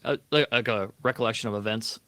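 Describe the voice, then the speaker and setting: Male co-host, low voice, dry close sound, chatty and stop-start. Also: quick pace, fairly bright tone, dry recording. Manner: conversational, repeats words while thinking, wry asides. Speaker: co-host of a veteran livestream show. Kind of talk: casual livestream chat.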